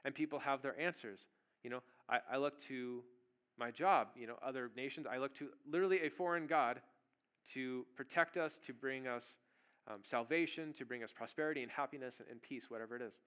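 A man's voice: mid-range voice, brisk. Conversational preacher man in a sermon. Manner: conversational storytelling with sudden loud bursts. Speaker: pastor. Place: church sanctuary.

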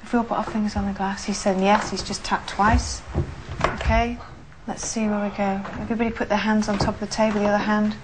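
A woman hosting a live ghost hunt, leading a séance in an excitable manner that often drops to a whisper. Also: medium pitch, fast, noisy background. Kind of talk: live paranormal investigation.

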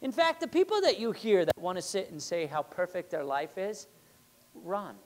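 A man preaching a sermon as pastor, in a conversational way with rhetorical questions, moving between loud emphasis and quiet asides. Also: high-pitched, animated, moderate pace.

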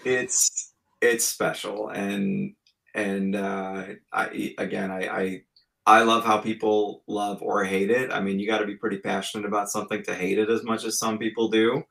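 Gravelly-voiced man in his forties. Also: lowish voice, little pitch movement, moderate pace, fairly bright tone, rough recording. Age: 40s. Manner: reflective, earnest storytelling. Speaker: podcast guest co-host. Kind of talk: casual podcast chat.

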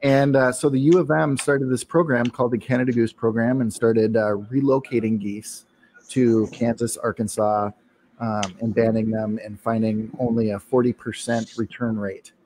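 A man co-hosting a casual podcast, telling a long story with many ums and pauses. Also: medium pitch, steady tone, darkish tone, a little hiss or hum. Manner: hesitant, many ums, laughs often. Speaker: podcast co-host. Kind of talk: casual chat, rambling anecdote.

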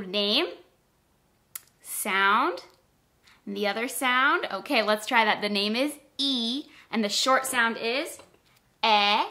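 Woman teacher doing phonics for little kids, super slow and clear, bright voice, encouraging. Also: medium pitch. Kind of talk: slow phonics lesson for young children.

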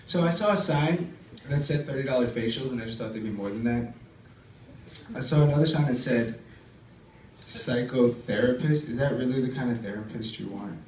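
A man's voice: medium pitch, moderate pace, a little mellow. Rambling man on a roomy club stage. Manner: rambling, loose delivery full of "like" and "uh". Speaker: open-mic performer. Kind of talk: stand-up storytelling and spoken-word poetry. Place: club stage before a live audience. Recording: roomy live room, distant mic, faint background noise.

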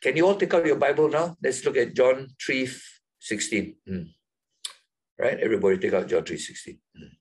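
A man teaching a Bible lesson to a class, emphatic and questioning, jumping up high to stress key words. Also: moderate pace, darkish tone, breathy edge, rough recording.

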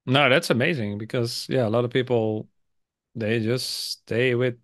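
A man's voice: mid-range voice, steady tone, measured pace, a bit bright. A man from the Netherlands, hosting a podcast interview in an enthusiastic, casual way full of fillers. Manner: enthusiastic, filler-heavy, laughs often. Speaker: podcast host.

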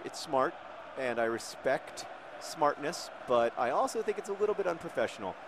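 A man giving casual, rambling gameplay commentary with jokey deadpan asides. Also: mid-range voice, background noise. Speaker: video game commentator.

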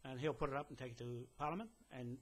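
Talking fast at a medium pitch, a man gives a direct-to-camera message to a police detective inside a building. He is a land claimant whose rambling speech is packed with fillers and restarts, and he sounds insistent and lecturing.

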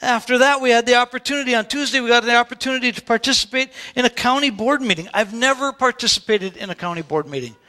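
A man's voice: very high-pitched, quick pace, few pauses, sharp tone. A male pastor preaching a sermon in a church, telling stories in a conversational way with asides to the congregation.

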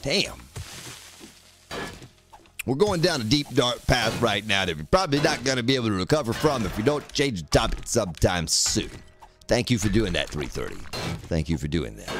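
A man streaming a game, joking around and teasing his chat viewers by name as he plays. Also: on the high side. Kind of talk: casual gameplay livestream commentary.

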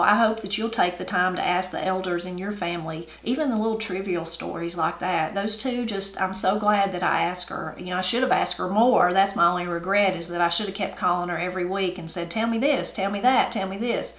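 A middle-aged woman with an Appalachian accent, hosting her channel and telling family stories in a folksy, unhurried way. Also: on the low side, steady tone, fairly bright tone. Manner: folksy, unhurried storytelling with homey grammar. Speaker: channel host. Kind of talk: family storytelling. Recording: roomy echo.

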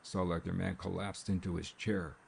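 A man narrating an audiobook in a measured, unhurried reading. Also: low-pitched, little pitch movement, gravelly, slight background noise.

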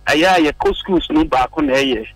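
A man's voice: a little high, fairly quick, a bit bright, no room sound, recorded from a distance, low-quality recording. A Ghanaian man, a district official interviewed on the radio, speaking politely in Twi and English.

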